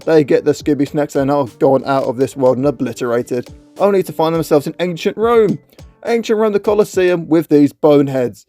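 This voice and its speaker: A man's voice: fairly high pitch, warm tone, no room sound. A man narrating a comedic film recap in a crude, mocking, playful way.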